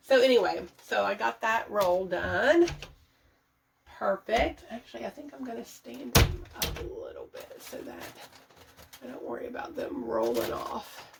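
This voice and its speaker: Direct: chatty woman tidying her bathroom, gravelly edge. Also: on the high side, slight background noise. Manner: chatty, laughs often, thinks aloud. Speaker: budget and declutter vlogger. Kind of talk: casual chatty vlog, talking to viewers while organizing. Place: home bathroom. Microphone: camera set up nearby, moved around.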